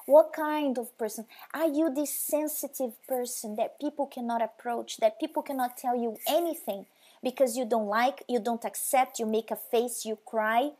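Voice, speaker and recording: Woman devotional speaker, high pitch, direct and emphatic with her listener. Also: normal speed, darkish tone. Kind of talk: motivational devotional talk.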